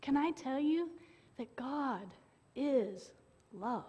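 A woman's voice: high voice, animated, slow, darkish tone, slightly rough, big-room sound. A woman preaching a sermon in earnest, sharing a personal story with emotion and appeals to the congregation.

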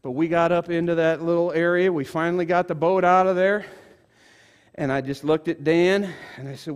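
A pastor telling a lively story in a sermon, acting out voices and exclamations. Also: male voice, on the high side, normal speed, clear, resonant tone. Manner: animated storyteller, acts out voices.

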